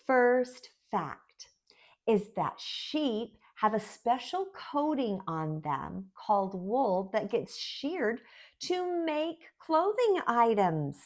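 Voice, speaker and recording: Lady teaching little kids, slightly high voice, really bouncy and slow. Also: sing-song. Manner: slow, sing-song, exaggerated for toddlers. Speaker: preschool teacher. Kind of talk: children's lesson with rhymes.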